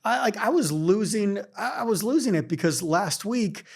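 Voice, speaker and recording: A man's voice: high-pitched, animated, normal speed, vocal fry, husky. A middle-aged man co-hosting a podcast, telling anecdotes casually and filling his sentences with "like" and "right?". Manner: storytelling, with many fillers like "like" and "right?". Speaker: podcast co-host. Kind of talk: casual chat.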